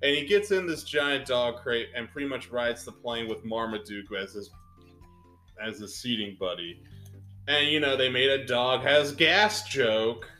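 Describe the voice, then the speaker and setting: A man's voice: medium pitch, unhurried, sharp tone, faint music behind. A man in his thirties co-hosting a casual movie review, retelling the plot with sarcasm and exasperation. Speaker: podcast co-host.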